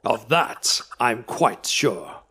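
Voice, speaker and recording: An eccentric old academic who talks in calm, formal sentences. He is self-assured and unbothered, in an ordinary middle-pitched voice. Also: drawn-out words, husky, heavily acted. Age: older. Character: eccentric old male professor, calm and pompous. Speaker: professor.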